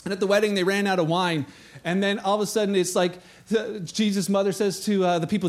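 A man with a high voice delivers a sermon, retelling scripture with animated storytelling. He jumps into the voices of the people in the story as he goes. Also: quick pace. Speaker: pastor.

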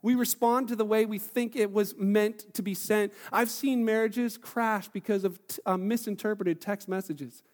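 A man preaching a sermon as pastor, animated and conversational, acting out quoted voices with frequent restarts. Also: high voice, moderate pace, hardly any pauses. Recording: long hall reverb.

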